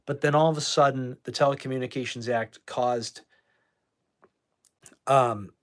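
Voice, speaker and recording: A man's voice: mid-range voice, a bit bright. A man from New England hosting a casual livestream, answering viewer comments and bluntly kicking out trolls as he rambles. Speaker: livestream host.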